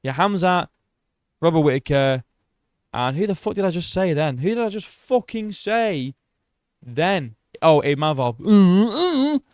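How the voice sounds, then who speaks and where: A man's voice: a little high, lively intonation, unhurried, long pauses, dry recording. Blunt, sweary man talking fights. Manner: blunt, swears a lot, many restarts and self-corrections. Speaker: MMA commentator. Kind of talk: casual solo commentary.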